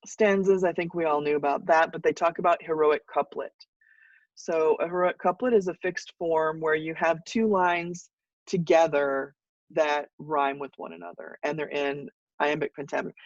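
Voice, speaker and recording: A man teaching a college poetry class online, explaining in a relaxed way with frequent fillers and restarts. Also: fairly high pitch, no room sound. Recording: muffled distant mic.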